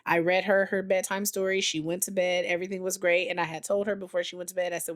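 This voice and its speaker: Animated woman podcast co-host. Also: on the low side, fast talker. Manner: animated storyteller, acts out dialogue with her daughter. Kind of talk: casual chat.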